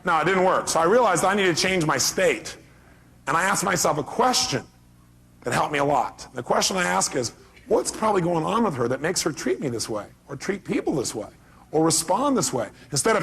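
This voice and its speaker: A man's voice: on the high side, lively intonation, fairly quick, creaky, fairly bright tone, breathy edge. A middle-aged man giving a live seminar talk as a motivational speaker, emphatic and firing rhetorical questions at the audience.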